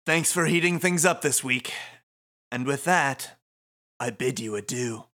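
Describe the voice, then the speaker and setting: A speaker voicing a theatrical male game master who announces slowly and with flourish. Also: medium pitch, animated, bright, forceful tone. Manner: slow, showy announcing.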